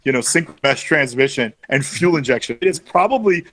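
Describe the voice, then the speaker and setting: A man's voice: mid-range voice, expressive, brisk, a bit bright. A man co-hosting a casual chat about car auctions, rattling off prices and specs with easy knowledge. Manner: knowledgeable, states numbers and specs. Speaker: co-host of a car auction show.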